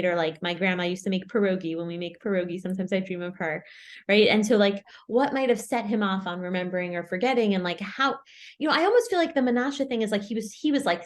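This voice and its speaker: Woman running a torah study chat, talky, lots of "right?" and "like", mid-pitched voice. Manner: chatty, many "like" and "right?" asides. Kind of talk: casual group discussion.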